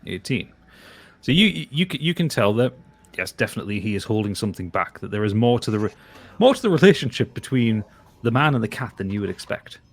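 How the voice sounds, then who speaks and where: Low-voiced game master narrating. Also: male voice, big pitch swings, quick pace. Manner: stumbling restarts, laughing asides.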